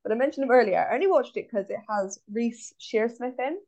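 A woman with a West Country English accent, co-hosting a podcast and chatting casually about films, animated and ranting with frequent laughs. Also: on the high side, fairly quick. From West Country, England. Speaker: podcast co-host. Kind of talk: casual film chat. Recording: dull lo-fi audio.

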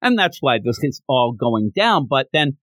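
A man hosting a podcast, casually retelling a manga chapter and jumping into quick character quotes. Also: mid-range voice, big pitch swings, a bit bright, no echo. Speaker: podcast host. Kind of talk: casual manga recap chat.

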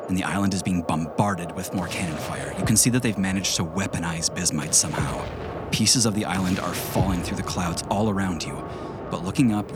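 Deep-voiced male game master, hushed, whispery, dramatic; music underneath. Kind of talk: dramatic tabletop game narration.

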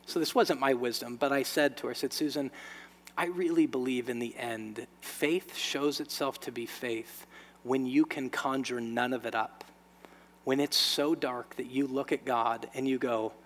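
A man preaching a sermon, telling stories and swinging from hushed, intimate moments to loud, emphatic exhortation. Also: medium pitch. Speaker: pastor. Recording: long hall reverb.

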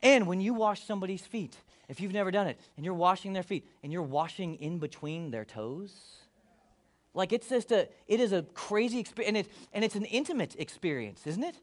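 A man with a high, light voice delivering a sermon with lots of energy. He jokes with the listeners and acts out the people in the story as he goes. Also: brisk. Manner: animated, playful asides, acts out voices of the disciples. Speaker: pastor.

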